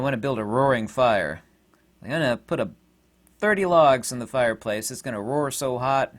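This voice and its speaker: Animated man rambling in a monologue. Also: mid-range voice. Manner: animated, digressive, many fillers. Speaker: channel host.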